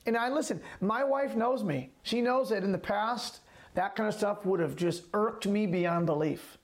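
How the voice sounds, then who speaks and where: A man's voice: sits high, moderate pace. A man preaching a sermon as a pastor, emphatic, repeating key phrases and asking rhetorical questions.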